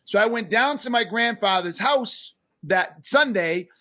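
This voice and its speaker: A man co-hosting a podcast, ranting bluntly and profanely, at times breaking into shouts. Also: high-pitched, lively intonation, a little slow, muffled recording. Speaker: podcast co-host. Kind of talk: fired-up podcast rant.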